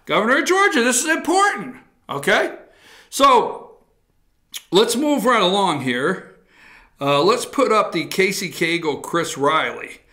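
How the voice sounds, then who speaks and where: Blunt, high-voiced political talk host. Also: male voice. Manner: blunt, animated, mildly profane.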